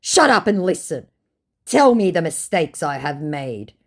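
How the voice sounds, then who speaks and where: A woman's voice: sits low, very animated, a little slow, full character voice. A woman mimicking a smug young scammer guy. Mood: demanding. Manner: smug, mocking, brash. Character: cocky young male online scammer, taunting.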